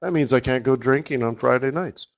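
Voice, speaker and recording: A man's voice: medium pitch, brisk, vocal fry, dull audio, lightly acted. A man voicing a lazy, whiny trader who wants easy money. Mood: grumbling.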